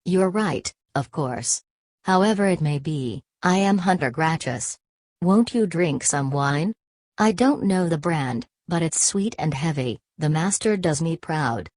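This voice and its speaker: A woman reading an ancient, weary ghostly hunter for an audiobook. The voice sits low and steady, and the reading is calm and measured. The recording is close and dry. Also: dry recording. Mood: solemn.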